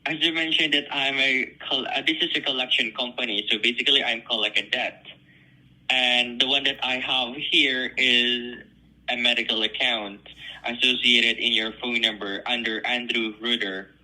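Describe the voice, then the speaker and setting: A man's voice: mid-range voice, steady tone, normal speed, sharp tone. A man on a phone call as a debt collection caller, polite, patient and scripted.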